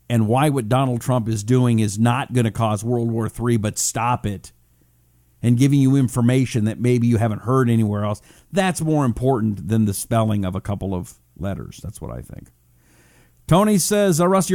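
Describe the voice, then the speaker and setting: A man's voice: mid-range voice, mellow, no room sound, clean studio sound. A man hosting a livestream talk show, reading viewer comments aloud with joking, mock-apologetic asides.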